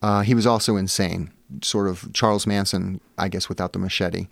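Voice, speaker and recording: Gravelly-voiced man telling wry stories. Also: low-pitched, fairly even intonation, moderate pace, no echo, clean studio sound. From Massachusetts, US. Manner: candid, wry, lots of "you know" fillers. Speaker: memoir author, guest. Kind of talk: personal storytelling in an interview.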